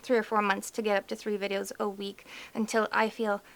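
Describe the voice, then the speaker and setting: Gravelly-voiced woman vlogger, candid and emotional. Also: mid-range voice, little pitch movement, fairly quick. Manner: emotional, fighting back tears; candid and chatty, says "like" and "you know" a lot. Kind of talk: personal update vlog.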